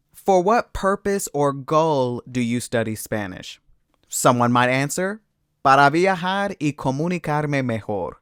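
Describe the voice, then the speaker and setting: A man teaching a Spanish lesson, explaining patiently and clearly with lively emphasis. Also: on the high side, no room sound, studio quality. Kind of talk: scripted language lesson.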